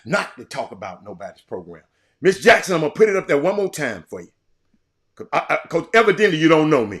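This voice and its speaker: An older man giving an impassioned monologue as a show host, repeating himself and swinging between loud outbursts and quiet, reflective stretches. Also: sits high. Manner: fiery, repetitive, swinging from shouting to quiet.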